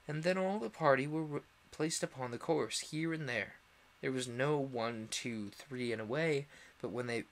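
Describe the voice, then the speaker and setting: A man's voice: mid-range voice, a bit bright, a little hiss or hum. A young man casually reading a storybook aloud on a stream, with small slips and restarts along the way.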